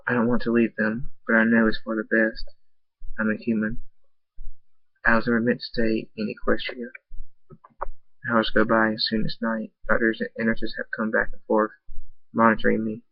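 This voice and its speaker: A man's voice: fairly low pitch, moderate pace, creaky, pauses often. A man reads a story aloud in a plain voice with very little rise and fall. The sound is dull and lo-fi. It is close and dry, with no echo. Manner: flat, plain reading. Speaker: fan fiction reader.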